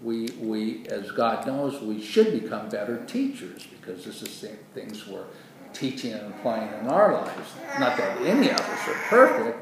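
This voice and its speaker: A man preaching a sermon in an earnest, animated way, acting out quoted voices, with a dry throat after surgery. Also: mid-range voice, normal speed. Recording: echoey room, far from the mic, noisy.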